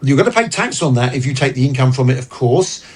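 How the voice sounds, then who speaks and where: A man guesting on an interview, explaining business ideas in an earnest, animated way. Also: medium pitch, fast talker, husky. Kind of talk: casual interview talk.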